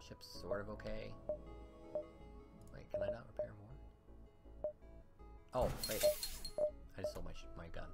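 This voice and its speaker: A man casually commenting on his own gameplay, chatty and getting loud and excited when things go wrong. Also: lowish voice. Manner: chatty, gets loud and excited during fights. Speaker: gaming channel host. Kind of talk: let's play commentary. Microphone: desktop mic with face cam. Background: game music.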